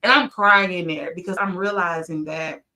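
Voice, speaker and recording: Bright, animated woman chatting candidly. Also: moderate pace. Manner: animated storytelling with many restarts, jumps high when excited. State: short of breath from throat trouble. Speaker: podcast co-host. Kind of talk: candid casual chat.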